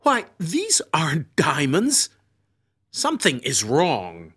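A man reading a story, voicing a young male hero in a softer, hushed tone. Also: medium pitch, big pitch swings, slow pace, heavily acted.

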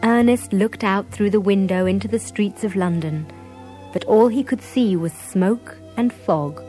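A woman narrating a scripted story in a measured, clear way. Her pitch sits mid-range, with faint music playing behind her. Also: dark tone, rough recording.

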